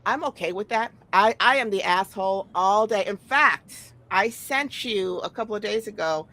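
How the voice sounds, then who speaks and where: Blunt, profane woman with a gravelly voice. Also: medium pitch, normal speed, pushed and bright. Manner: blunt and profane, with frequent sighs and restarts. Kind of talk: candid casual chat.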